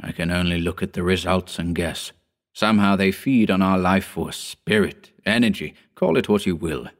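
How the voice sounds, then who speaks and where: A weary older astronomer explaining a dreadful truth in a deep, low voice, gentle but grave, as a male reader plays him. His storybook voice stays measured and calm.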